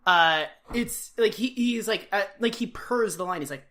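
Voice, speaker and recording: A woman's voice: mid-range voice, moderate pace, few pauses, a bit bright. A woman co-hosting a podcast, chatting casually and swearing freely, with lots of "like". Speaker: podcast co-host. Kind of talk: casual episode recap chat.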